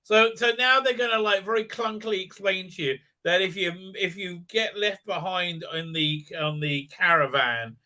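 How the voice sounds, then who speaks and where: Guy ranting about a show, sarcastic and sweary, lots of uh uh, sharp bright voice. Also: high-pitched, normal speed, few pauses. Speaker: commentator.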